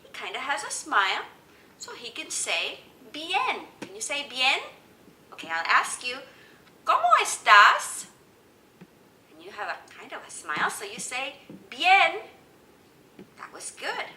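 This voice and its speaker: A woman's voice: high-pitched, sing-song, pushed and bright, recorded from a distance, a little hiss or hum. Sing-song woman teacher in echoey room. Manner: slow, sing-song, exaggerated prompts for repetition. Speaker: children's Spanish teacher. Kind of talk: lively teaching to children. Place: indoor room, teaching with picture cards.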